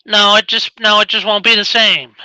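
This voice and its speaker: Male co-host, bright edgy tone, high pitch, banters and interrupts. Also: flat delivery, normal speed, clear, resonant tone, no room sound, rough recording. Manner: joking, bickering, talks over his friend. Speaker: podcast co-host. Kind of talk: casual chat about metal bands.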